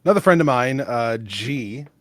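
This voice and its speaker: A man reading a story aloud to friends, his pitch bouncing in a lively way as he stumbles through the text. The sound is close and dry, with no room to it. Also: moderate pace, no echo.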